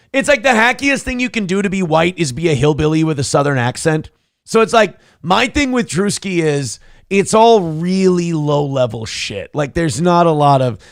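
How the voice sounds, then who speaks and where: Gravelly, lively-voiced sarcastic male show host. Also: a little high, dry recording, studio quality. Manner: profane, sarcastic, rambling riffs. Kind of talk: casual comedic commentary.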